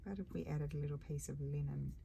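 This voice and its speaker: Her voice sits low and sounds mellow, moving fairly quickly as this woman thinks aloud through a casual crafting session at her table. The crafting vlogger fixes her own wording as she goes, over clear background noise and the clicks of her tools.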